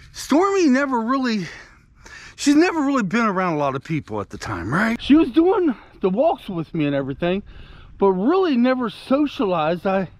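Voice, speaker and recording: Out on a country walk, a man with a high voice vlogs a rambling, conversational story to his viewers as casual walking storytelling. There's no echo.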